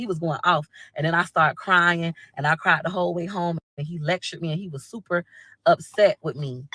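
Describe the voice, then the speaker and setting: A woman's voice: on the low side, fairly quick. Blunt, profane woman telling a story. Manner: blunt, profane, animated retelling with acted-out quotes. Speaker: TikTok live streamer. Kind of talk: casual storytelling to live viewers. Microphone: phone.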